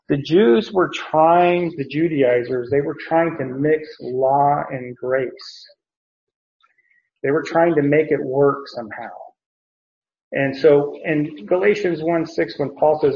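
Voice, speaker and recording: A man teaching verse by verse through a Bible passage in a conversational, explanatory way, often repeating phrases. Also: medium pitch. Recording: dull lo-fi recording.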